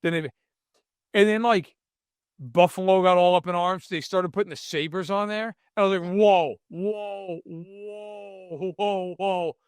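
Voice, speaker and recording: A man's voice: high-pitched, moderate pace, smooth, dry recording, clean studio sound. A man co-hosting a podcast, ranting in mock outrage over sports in casual chat. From New York state. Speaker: podcast co-host.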